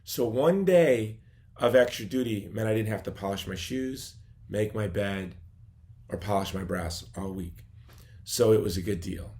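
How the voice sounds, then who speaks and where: Middle-aged man from Chicago, low gravelly voice, earnest testimony speech with quiet asides. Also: unhurried, a little hiss or hum. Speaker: gala speaker.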